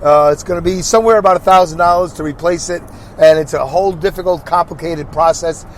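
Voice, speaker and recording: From the driver's seat, a man in his sixties, a truck driver and podcast host, talks at a quick pace in a fairly high voice. The solo show is casual and rambling, full of jokes and retorts to imagined critics, with faint road and car noise behind.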